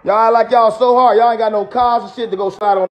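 A man's voice: high voice, fairly even intonation, fast talker, muffled recording. A man with a Chicago accent ranting aggressively on a street vlog, taunting and threatening. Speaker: vlogger. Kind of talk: angry street vlog rant.

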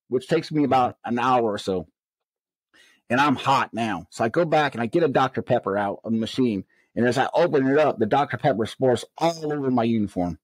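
Male guest, lively storyteller, mid-pitched voice, dry close sound. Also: dry recording, poor audio. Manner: animated, acts out quoted dialogue in raised voices. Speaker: interview guest, former correctional officer. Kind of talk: conversational storytelling.

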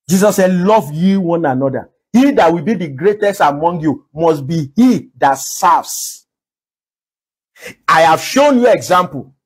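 A man preaching with a high, husky voice. He talks in an earnest, repetitive sermon style full of rhetorical questions. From Nigeria. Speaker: pastor.

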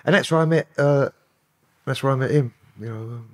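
A man's voice: medium pitch, a little fast. A man with a London accent, a podcast guest telling stories in profane, rambling street talk. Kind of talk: casual storytelling interview.

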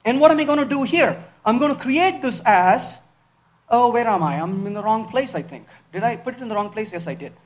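A man giving a lively live technical talk, asking his audience question after question as he codes on stage. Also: sits high, a little fast. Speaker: conference speaker. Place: large conference hall. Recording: echoey hall from far off.

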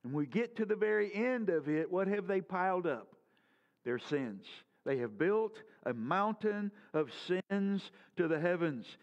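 A male pastor preaching with a high-pitched voice. He poses earnest rhetorical questions, lifting his voice and then letting it sink low. The recording is dull and lo-fi. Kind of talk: sermon.

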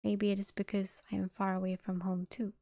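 A reserved young swordswoman speaks quietly and slowly, voiced by a woman reading an audiobook. Her voice sits in a middle pitch. It is recorded dry and close. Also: flat delivery, creaky, no echo. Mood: subdued. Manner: quiet, slow, subdued.

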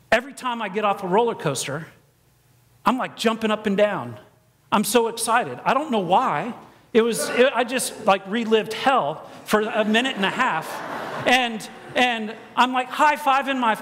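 High-pitched male preacher, animated storyteller, recorded in a reverberant church. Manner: storytelling, animated, acts out quoted voices. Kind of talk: sermon. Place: church sanctuary.

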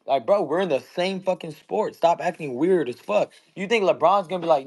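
A man's voice: fairly high pitch, fairly quick, husky. A young man in his twenties, a boxer talking bluntly and heatedly in casual chat, swearing constantly. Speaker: boxer guest.

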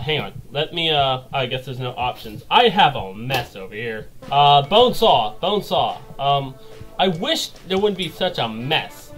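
Excitable high-voiced man playing a game. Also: unhurried, faint music behind, low-quality recording. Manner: excitable, yelps and laughs at mishaps. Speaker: gaming video creator. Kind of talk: let's play commentary.

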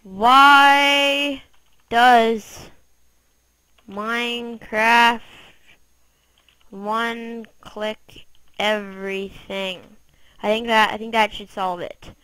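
A woman giving casual let's-play commentary, foul-mouthed and easily frustrated, cursing at the game and yelling at its animals. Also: a little high, fairly even intonation, very slow, long pauses, dry recording, rough recording. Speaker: gameplay commentator.

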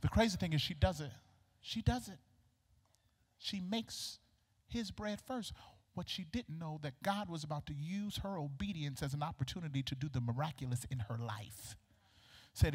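A man preaching a sermon in a church, animated and colloquial, acting out the dialogue of the people in his story. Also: on the high side, moderate pace, breathy edge. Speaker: pastor. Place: church sanctuary. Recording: long reverb of a large hall.

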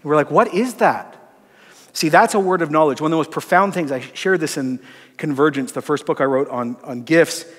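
A man, a pastor, teaching in a conversational sermon style, acting out dialogue from his stories and often dropping to a soft voice. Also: fairly high pitch, fairly quick, long reverb tail. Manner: conversational, acts out dialogue, drops to soft tones. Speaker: pastor and lecturer.

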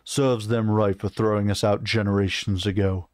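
A man voicing a proud, weary male orc chieftain who speaks slowly and firmly in a fantasy reading. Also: on the low side, flat delivery, darkish tone, no echo, studio quality, natural voice. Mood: composed.

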